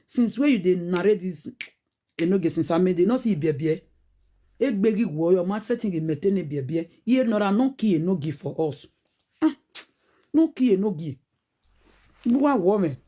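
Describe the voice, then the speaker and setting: A Nigerian woman in her forties, speaking with a Nigerian Pidgin accent, goes on an animated casual rant, preachy and scolding, full of rhetorical questions. Her mid-range voice is mellow with lively intonation, a moderate pace and long pauses.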